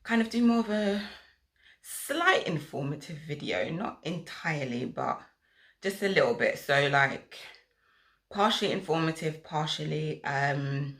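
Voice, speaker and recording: A woman's voice: low-pitched, lively intonation, a little slow, a bit bright. A young woman from South London with a South London accent, chatting casually to her vlog audience, rambling and joking at herself with plenty of fillers. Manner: chatty, rambling, self-mocking, lots of fillers. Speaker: vlogger.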